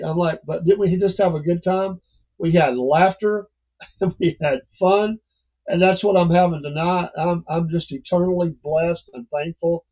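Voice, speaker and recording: A man's voice: on the high side, darkish tone, husky, lo-fi sound. Chuckling older man hosting a livestream. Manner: rambling, folksy, chuckling often. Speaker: livestream host. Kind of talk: casual livestream monologue.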